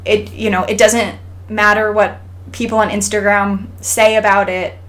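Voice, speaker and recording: A woman's voice: mid-range voice, flat delivery, moderate pace, fairly bright tone. A woman from Idaho co-hosting a podcast, talking earnestly and encouragingly in casual chat, with many restarts and fillers. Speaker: podcast co-host.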